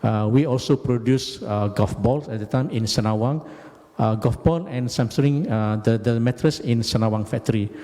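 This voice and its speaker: A man, giving a halting, deliberate lecture about his career. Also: mid-range voice, warm tone, big-room sound. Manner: halting, deliberate, frequent hesitations. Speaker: guest lecturer, company managing director.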